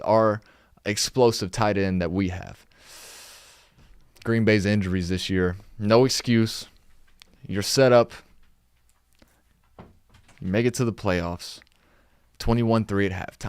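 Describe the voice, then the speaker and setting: A man's voice: fairly low pitch, slow pace, pauses often, clear, resonant tone, no room sound. Exasperated man recapping football, dry sound. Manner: exasperated, rhetorical questions, reading from notes. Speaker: podcast host recapping games. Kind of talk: casual live-stream recap.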